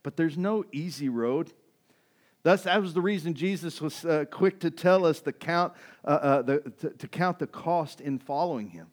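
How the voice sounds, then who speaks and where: Fervent preacher man, slightly high voice. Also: normal speed. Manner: builds from hushed intensity to loud, high-pitched fervor, with rhetorical "right?"; acts out quoted voices of doubters. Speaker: pastor. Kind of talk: sermon.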